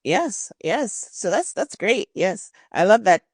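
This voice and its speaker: A woman's voice: medium pitch, big pitch swings, takes it slowly, husky, no echo, studio quality. A woman hosting a podcast, affirming her guest and asking about her work in an encouraging way. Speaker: podcast host. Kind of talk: casual interview talk.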